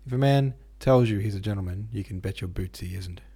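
A male narrator voices a serious young Englishman who hates being laughed at. He answers crossly and in earnest. The tone is low and dark. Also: fairly quick, husky. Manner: earnest, easily offended.

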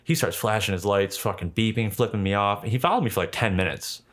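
A man's voice: on the low side, fairly quick, fairly bright tone. A young man telling a long, rambling, profane story in a casual chat, full of fillers.

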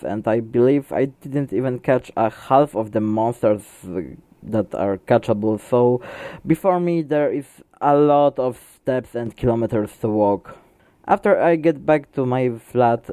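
Man, English, diary report, slow, dry close sound. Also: fairly low pitch, mellow, no room sound. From Poland. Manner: plain, unhurried, simple non-native grammar. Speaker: correspondent. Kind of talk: diary-style spoken report.

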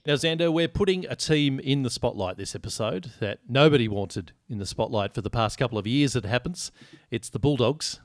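A man's voice: mid-range voice, lively intonation, fairly quick, dry recording. A man co-hosting a podcast, chatty and joking, swearing freely. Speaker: podcast co-host. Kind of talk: casual sports chat.

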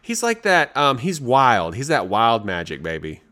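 Man, podcast co-host, casual chat, lively swooping pitch, excitable. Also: unhurried. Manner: animated, excitable, frequent restarts.

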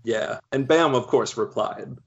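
A man's voice: medium pitch, a little slow, gravelly, dull audio, slight background noise. A man joking around in casual podcast chat, with wry asides and the odd swear. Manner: jokey, wry asides, profanity.

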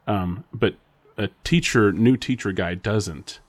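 A man's voice: lowish voice, slow pace. A man co-hosting a casual podcast chat, rambling and speculating with frequent laughs and restarts. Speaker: podcast co-host.

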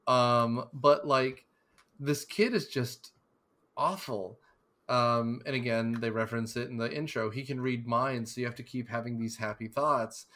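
A man's voice: medium pitch, steady tone, unhurried, fairly bright tone. A man co-hosting a podcast in casual chat, rambling and joking with digressions. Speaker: podcast co-host.

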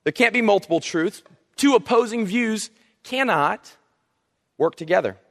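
Lively pastor, hall reverb. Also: male voice, high voice, measured pace. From South Carolina. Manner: animated, humorous storytelling. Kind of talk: sermon.

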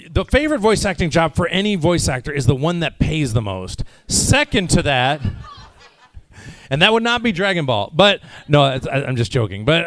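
Recorded dry, a voice actor with a slightly high, somewhat bright voice addresses a convention panel crowd in a hall panel room. Worn out from jet lag, he keeps it casual, rambling, cracking jokes and restarting his sentences again and again.

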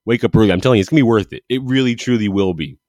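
A man hosts a casual football show, his voice sitting a little low. He talks with eager enthusiasm, rambling and correcting himself as he goes. The sound is dry and close, with no room around it. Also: rapid-fire, darkish tone, no echo. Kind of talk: casual sports commentary monologue.

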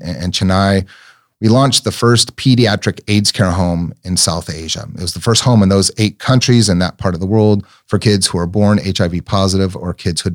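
Personal stories come gently from a middle-aged man in this earnest, reflective, sermon-like talk, with frequent repeated words as he searches for his phrasing. His voice sits low.

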